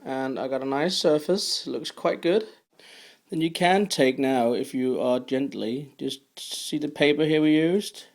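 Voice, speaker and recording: A man with a slightly higher voice talks in a relaxed, chatty way. He explains a hands-on craft step by step and drifts into easygoing talk about his day. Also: measured pace, gravelly. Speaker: fingerboard vlogger. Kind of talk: casual tutorial and daily vlog chat.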